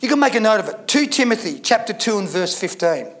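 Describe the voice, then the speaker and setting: A man's voice: high voice, big pitch swings, fast, a bit bright. A man pastor preaching a sermon to his church, emphatic and full of rhetorical questions.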